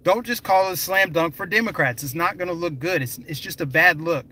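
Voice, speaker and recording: A man's voice: fairly high pitch, brisk, pushed and bright, slight background noise, rough recording. A young man live streaming, talking emphatically and directly to his viewers in a conversational way. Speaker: political vlogger.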